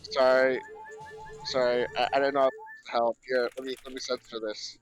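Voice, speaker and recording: A man with a middle-pitched voice chatting easily as he plays a game with friends. He rambles and circles back over his own words. Soft music sits quietly behind him. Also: flat delivery, normal speed. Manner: easygoing, rambling, repeats himself. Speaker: friend playing along on stream. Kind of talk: casual gaming banter.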